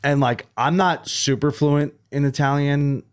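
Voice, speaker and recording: A man from New York, a comedian guesting on a podcast, chatting in an animated, sarcastic way. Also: fairly high pitch, measured pace. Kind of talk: casual chat.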